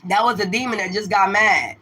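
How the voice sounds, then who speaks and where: A woman who does tarot readings on a livestream, ranting straight at her viewers. Her voice is sharp and forceful, full of swearing and combative rhetorical questions that she keeps coming back to. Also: mid-range voice, a little fast, husky. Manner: profane and confrontational.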